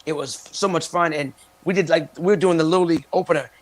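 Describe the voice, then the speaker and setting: A man from Cape Cod, a guest chatting casually in an interview, telling animated stories and laughing often. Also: a little high, quick pace. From Cape Cod, Massachusetts.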